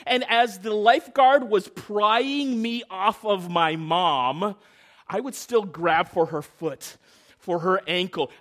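A male pastor with a high-pitched voice delivers a sermon full of personal storytelling. His delivery is animated, dropping to a hush and then rising loud, and he often stumbles and repeats words as he goes. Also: slow pace. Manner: animated, swings from hushed to loud.

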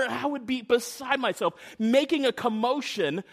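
A male pastor with a high-pitched voice delivers a sermon full of personal storytelling. His delivery is animated, dropping to a hush and then rising loud, and he often stumbles and repeats words as he goes. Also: moderate pace, hardly any pauses. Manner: animated, swings from hushed to loud.

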